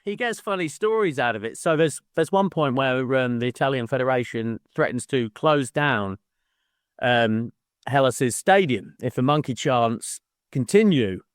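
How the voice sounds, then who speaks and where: In an unhurried, animated mid-range voice, this podcast co-host talks through a book in casual book-club fashion. Profanity flows freely, laughter interrupts his sentences, and he puts on voices for quoted people, all recorded with a clean, echo-free studio tone.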